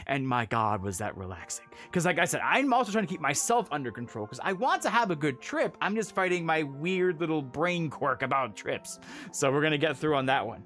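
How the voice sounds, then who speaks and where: A man's voice: a little high, big pitch swings, a little fast, fairly bright tone, soft background music. A man casually telling a travel story on a livestream, laughing often and breaking off to answer chat.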